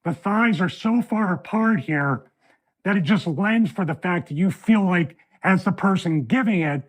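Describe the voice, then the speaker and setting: A man hosting a video breakdown from his home studio, analyzing a wrestling match in an animated way that builds toward a rant. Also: sits high, measured pace.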